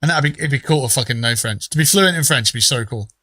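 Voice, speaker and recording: A man's voice: medium pitch, fast talker, pushed and bright, no room sound. A man live-streaming a game, chatting casually with viewers in a rambling, joking way and swearing freely. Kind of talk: casual live-stream chat while gaming.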